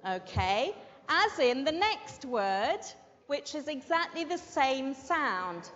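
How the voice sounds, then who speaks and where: A woman teaching an English vocabulary and pronunciation lesson, slowly stressing syllables and checking in with "okay?". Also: high-pitched, big pitch swings, a bit bright. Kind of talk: classroom language lesson. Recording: muffled with long hall reverb.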